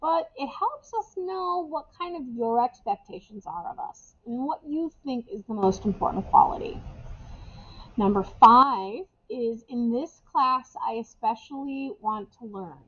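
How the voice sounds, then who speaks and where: A woman's voice: fairly high pitch, animated, unhurried, a bit bright. Chatty woman teacher, muffled lo-fi sound. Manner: casual, chatty, repeats key phrases. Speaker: English teacher. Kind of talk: recorded class instructions for remote students. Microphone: webcam or camera microphone.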